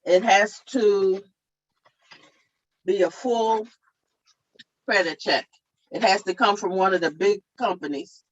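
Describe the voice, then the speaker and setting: A woman's voice: fairly low pitch, highs cut off. A woman at an online town hall, explaining tenant law step by step in a plain, repetitive way. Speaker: tenant advocate.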